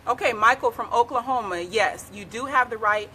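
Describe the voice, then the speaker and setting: A woman's voice: fairly high pitch, normal speed, sharp tone, slight background noise. A woman attorney giving emphatic live advice, repeating key phrases as she explains. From United States. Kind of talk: live legal advice talk.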